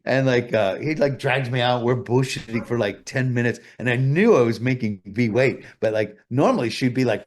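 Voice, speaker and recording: A man's voice: mid-range voice, normal speed, few pauses. A male guest telling stories in a casual interview, rambling and swearing a lot. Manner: profane, rambling, full of fillers.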